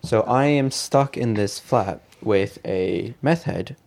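Man, podcast co-host, lowish voice, animated storyteller. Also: takes it slowly, creaky. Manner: animated storyteller, acts out voices, laughs often. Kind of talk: casual chat, storytelling.

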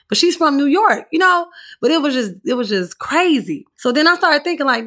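A woman with a raspy voice hosting her own podcast, telling her story in a candid, chatty way and swearing freely. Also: a little high, animated, normal speed, a bit bright. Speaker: podcast host. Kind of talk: casual solo podcast monologue.

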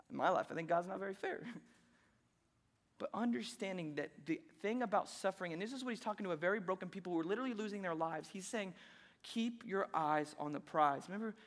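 Animated, high-voiced man preaching in a hall. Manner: animated and conversational, with sarcastic asides. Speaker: pastor. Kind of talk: sermon. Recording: long reverb of a large hall.

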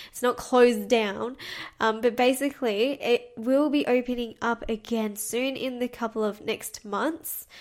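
Woman, solo podcast host; casual, upbeat, a touch high-pitched, laughs at her own flubs. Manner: frequent filler "like".

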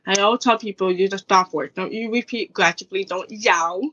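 A woman's voice: medium pitch, brisk. A woman being interviewed as a guest author, earnestly giving advice in a conversational way. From Jamaican Caribbean family background. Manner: earnest, advising, animated retelling with laughs. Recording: dull lo-fi audio.

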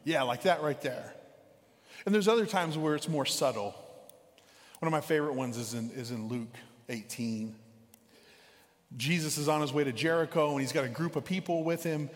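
A man's voice: fairly high pitch, fairly quick. A male pastor giving a casual, conversational sermon in a church, often repeating words while thinking aloud. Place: church sanctuary. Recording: reverberant church hall.

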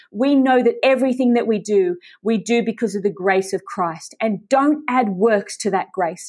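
Woman preacher, fervent and emphatic, slightly high voice, sermon delivery. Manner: passionate, emphatic, direct address to listeners.

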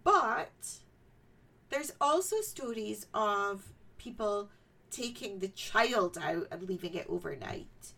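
A woman's voice: medium pitch, lively intonation, takes it slowly, gravelly, sharp tone. A woman co-hosting a podcast, telling folk tales in casual chat and laughing often. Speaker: podcast co-host.

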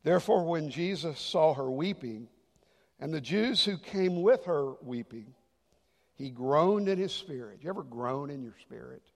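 A man preaching a sermon as pastor, swinging from loud emphatic lines to hushed, near-whispered ones. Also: a little high, expressive, unhurried, vocal fry, big-room sound.

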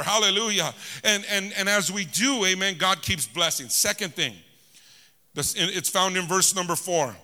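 A man preaching in a high, very bright and forceful voice, calling out to his congregation for amens. He swings between loud exclamations and quiet, hushed passages. His voice rings with the long reverb of a large hall. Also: expressive, normal speed. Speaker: pastor. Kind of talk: preaching a sermon.

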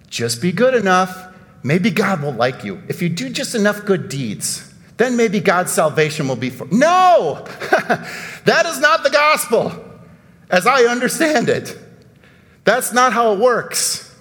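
High-pitched pastor preaching in an echoey hall. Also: male voice. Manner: animated preaching with emphatic outbursts and rhetorical questions. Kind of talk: sermon.

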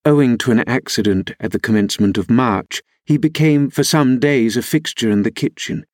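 A man narrating a classic novel as an audiobook reader, in a measured, even storytelling delivery. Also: medium pitch, dry recording, studio quality.

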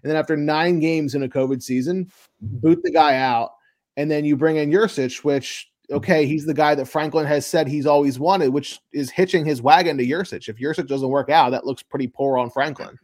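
A man's voice: fairly high pitch, steady tone, moderate pace, darkish tone, no room sound, studio quality. A man co-hosting a sports podcast, giving his views in casual chat and often repeating words while he thinks. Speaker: podcast co-host.

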